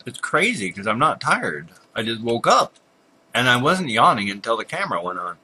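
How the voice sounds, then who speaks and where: This older man commentates a computer game in a chatty, casual way, grumbling at the enemies and saying sorry for yawning again and again. His medium-pitched voice is very animated, bright and forceful at normal speed, with a little hiss or hum behind it.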